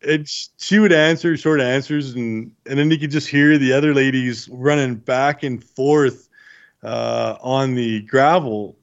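A man's voice: medium pitch, fairly even intonation, a little slow, lo-fi sound. A man telling his survival story to interviewers in a rambling, good-humored way. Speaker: interview guest, bear attack survivor. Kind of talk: casual storytelling.

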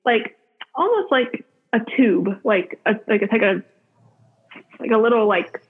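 A woman's voice: on the high side, very animated, unhurried, breathy edge. A woman telling a personal story in casual chat, full of "like" fillers and frequent laughs. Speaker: podcast guest. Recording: tinny phone-like line.

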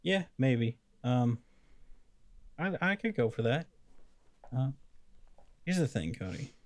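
A man's voice: medium pitch, sing-song, slow pace, no room sound. A man co-hosting a casual comedy chat, telling stories emphatically and rambling through restarts. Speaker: podcast co-host.

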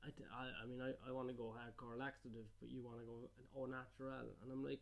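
A man joking around on a comedy podcast. His humor is goofy and crude, and he breaks into sudden loud bursts between easygoing remarks. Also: mid-range voice, little pitch movement, quick pace, gravelly, few pauses. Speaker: podcast co-host. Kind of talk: casual comedic chat.

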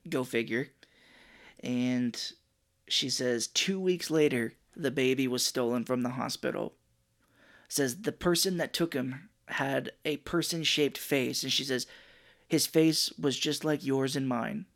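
A man co-hosts a laid-back film podcast, recapping scenes in loose, profane chat. When he quotes people he slips into quick put-on voices. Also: medium pitch, a bit bright. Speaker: podcast co-host. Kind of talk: casual chat.

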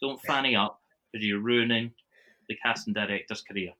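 A man hosts a podcast in an easy, joking way. His voice is very bright and sharp, and he laughs quickly during the banter. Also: lowish voice, fairly even intonation. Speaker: podcast host. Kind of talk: casual podcast chat.

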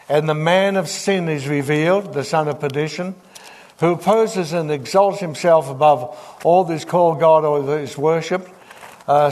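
Male preacher, slightly high voice, teaching sermon with scripture reading and questions to the congregation. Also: a little mellow.

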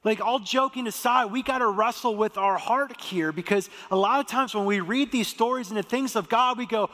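A man with a high voice delivers a sermon in a lively, joking storytelling manner. His voice rings with the long reverb of a church hall. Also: normal speed, hardly any pauses. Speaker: pastor.

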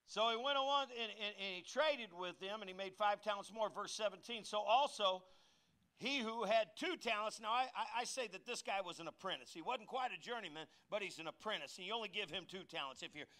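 High, bright-voiced folksy preacher man. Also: a little fast. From United States. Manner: folksy preaching, rising to emphatic calls for the congregation to repeat. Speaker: pastor. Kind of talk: sermon.

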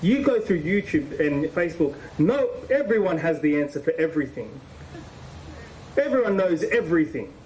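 A man's voice: on the high side, sing-song, normal speed, darkish tone, recorded from a distance, a little hiss or hum, low-quality recording. A man preaching a sermon in a conversational, emphatic way, repeating phrases for stress.

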